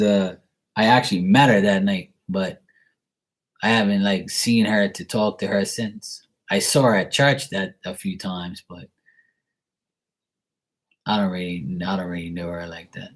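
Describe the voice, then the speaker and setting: A man from Bermuda with a Bermudian accent, rambling chattily in a casual vlog as he answers viewer questions. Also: on the low side. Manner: chatty, digressive, mimics other people's voices in quotes.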